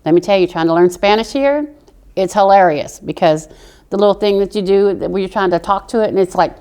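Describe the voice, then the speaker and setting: A woman's voice: mid-range voice, fairly quick, mellow, smooth. Chatty Southern-accented woman veteran. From Oklahoma. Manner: storytelling, chatty. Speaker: veteran interviewee. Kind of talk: interview answers.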